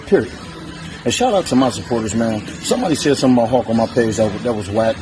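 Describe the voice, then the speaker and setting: A man's voice: medium pitch, lively intonation, fast, background noise. A man delivering a profane, boastful, defiant trash-talk rant straight to the camera. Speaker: challenger in a strength feud. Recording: music playing under the voice.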